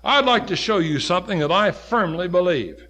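A man preaching a sermon, quoting scripture in old King James wording and swinging from emphatic, loud peaks down to low, quiet stretches. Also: lively intonation, normal speed.

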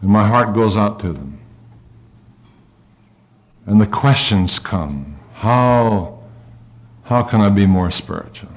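A man preaching a sermon, reading scripture aloud and swinging his pitch and volume up and down as he goes. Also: expressive, takes it slowly, pauses often. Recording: dull lo-fi recording.

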